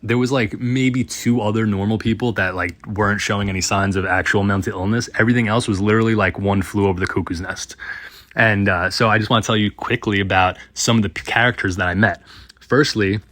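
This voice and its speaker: A man's voice: on the low side, fairly even intonation, brisk, a bit bright. A man in his thirties telling a rambling story with frequent laughs. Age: 30s. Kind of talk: casual storytelling.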